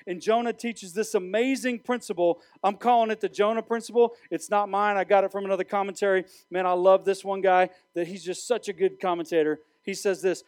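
Youth pastor, male, high-pitched, animated preacher; dry close sound. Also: brisk, few pauses, clear, resonant tone, no echo. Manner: animated preaching with direct address. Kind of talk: sermon.

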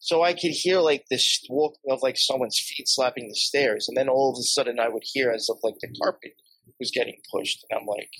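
A man's voice: mid-range voice, fairly quick, fairly bright tone, breathy edge, no room sound, poor audio. A man with a New York accent telling a long, rambling story, swearing often and laughing as he talks. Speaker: podcast guest. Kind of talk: casual storytelling.

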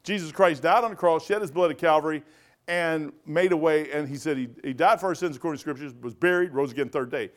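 Male pastor, slightly high voice, emphatic, folksy, Bible study preaching. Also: quick pace.

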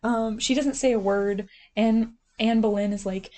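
A woman's voice: on the high side, fairly even intonation, a little slow, a little mellow, slight background noise. A young woman co-hosting a podcast, recapping a TV drama in a sarcastic, giggly, profane way. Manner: sarcastic, giggly, swears freely. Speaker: podcast co-host. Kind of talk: casual TV recap chat.

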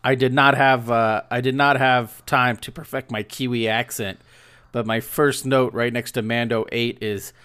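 A man's voice: medium pitch, steady tone, normal speed, a bit bright, clear, resonant tone. A man co-hosting a podcast from home, chatting casually in a joking, laid-back way with loose restarts. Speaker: podcast co-host. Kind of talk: casual chat. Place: indoors at home.

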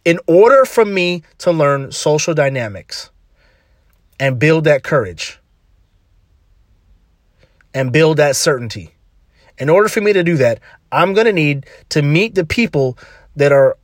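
Male podcast host, punchy slang-heavy motivational delivery, slightly high pitch. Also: dry recording, clean studio sound. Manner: emphatic, slangy, repeats phrases for punch.

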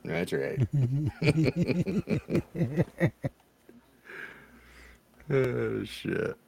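A man's voice: mid-range voice, very animated, extremely slow, gravelly, a little mellow, slightly rough. A man co-hosting a casual podcast, trading crude, profane banter and laughing often. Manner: former bar-band musician. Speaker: podcast co-host. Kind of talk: casual chat.

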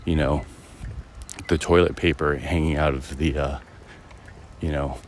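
A man with an extremely low, deep voice muses aloud in a casual, rambling monologue, full of fillers and restarts. He is out on a walk outdoors, with a faint hiss of noise behind him. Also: steady tone, a little slow. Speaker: podcast host. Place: outdoors, walking a dog through a neighborhood.

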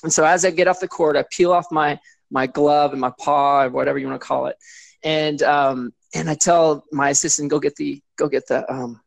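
A man, a guest on a talk show, recounting a past injury in plain, steady speech. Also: fairly high pitch, a little fast, creaky, no echo. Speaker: guest, former mascot performer. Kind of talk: casual interview storytelling.

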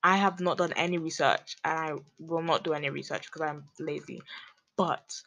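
Podcast host, woman, lower register, loose slangy self-mocking rambling. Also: steady tone, moderate pace, bright, forceful tone, rough recording. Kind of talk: casual rambling monologue.

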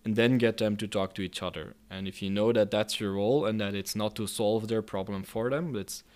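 Answering an interviewer about mediating conflicts, a man speaks in a fairly low, clear, smooth, slightly mellow voice. His tone stays steady and his pace brisk, but he's thoughtful and hesitant, full of fillers and frequent restarts.

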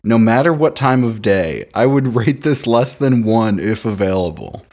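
Low-voiced man with a wry, sarcastic delivery. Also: animated, moderate pace, very noisy. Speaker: podcast co-host. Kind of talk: casual chat, reading reviews aloud.

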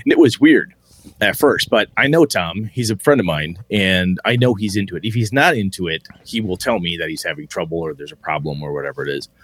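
A man's voice: low-pitched, a little fast, slightly rough, no echo. A man hosting a casual podcast about tabletop gaming, talking candidly, swearing freely and laughing often. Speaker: podcast host.

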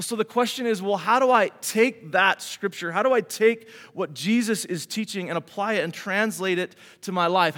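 A man's voice: high-pitched, fairly bright tone. A man preaching a sermon in a conversational way, asking the congregation rhetorical questions and calling for an amen. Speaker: pastor. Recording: hall reverb.

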